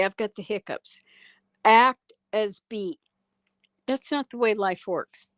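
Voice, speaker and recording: A woman, a psychologist guest on a talk show, speaking in a slow, deliberate way with emphatic pauses. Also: mid-range voice, no room sound. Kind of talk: political talk show conversation.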